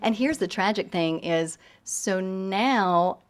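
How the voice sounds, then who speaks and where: A woman novelist with a softened Southern accent, answering questions thoughtfully with gentle pauses, then giving an unhurried, lyrical reading of her fiction. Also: medium pitch. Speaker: visiting novelist. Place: university lecture hall.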